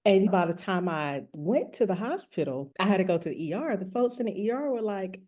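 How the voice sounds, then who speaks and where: A woman's voice: medium pitch, lively intonation, brisk, warm tone. A woman who works as a rest coach and author, frankly and earnestly telling a personal story as an interview guest.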